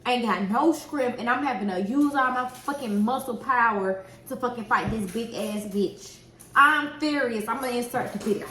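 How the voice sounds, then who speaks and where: Animated woman telling a story, echoey room. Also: fairly high pitch, a little fast. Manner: animated, profane, acts out quoted dialogue. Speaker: nail technician. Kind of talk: casual storytime vlog. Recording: echoey room with faint noise.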